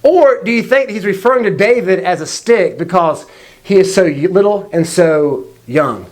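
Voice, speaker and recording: A man telling a Bible story to young people in a casual, energetic way, acting out the quotes. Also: high-pitched, normal speed. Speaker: youth faith video teacher.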